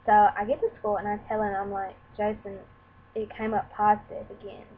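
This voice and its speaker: A woman's voice: mid-range voice, flat delivery, moderate pace. A young woman tells a personal story to camera in a candid, rambling way, acting out what others said. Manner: candid, rambling, acts out quoted dialogue. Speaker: vlogger. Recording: tinny lo-fi sound with faint hiss.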